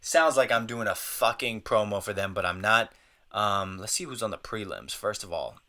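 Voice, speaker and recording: Young male podcast host, bright tone, animated and crude, casual comic monologue. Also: fairly low pitch, moderate pace. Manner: animated, profane, jumps into mocking voices. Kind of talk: casual comedic rant.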